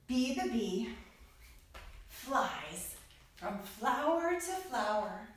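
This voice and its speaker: A kids yoga teacher reads a yoga story aloud to children at a very unhurried pace, her slightly high voice very animated. She turns playful, greeting the listener with bright rising calls, standing far from the mic in a very echoey room.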